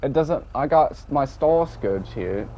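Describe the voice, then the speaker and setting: A man rambling casually about an online game session, swearing often and tacking on a low, dropped "mate". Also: expressive, measured pace, darkish tone. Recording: dull lo-fi audio with faint background noise.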